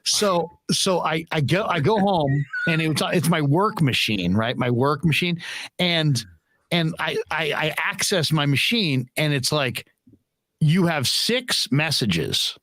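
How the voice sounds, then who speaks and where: A middle-aged male host telling a story in casual podcast chat, animated and swearing freely. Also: a little high, a little slow.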